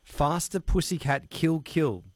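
A man's voice: on the high side, a little slow, no echo. A man with an Australian accent hosting a radio show, chatting in a friendly way with a few restarts. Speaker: radio host. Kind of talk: casual on-air chat. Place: radio studio. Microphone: studio microphone.

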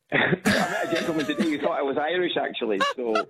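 A man's voice: on the high side, brisk, heavy background noise. A man with an Edinburgh Scottish accent, calling into a radio show on speakerphone, chatty and hesitant with fillers and repeats. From Scotland. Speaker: radio caller. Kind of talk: casual phone-in chat. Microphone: phone on loudspeaker. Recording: lo-fi phone line.

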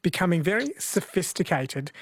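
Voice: medium pitch, sing-song, moderate pace, husky, no echo. A radio host interviewing a correspondent, asking playful, teasing questions.

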